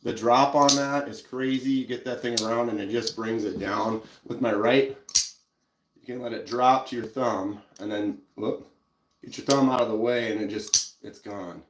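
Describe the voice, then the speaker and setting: Minnesota guy chatting on his live stream, laid back, mid pitch, kinda echoey room. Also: moderate pace, noisy background. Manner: relaxed, chatty, reads out viewer comments. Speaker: livestream host showing pocket knives. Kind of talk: casual live-stream chat.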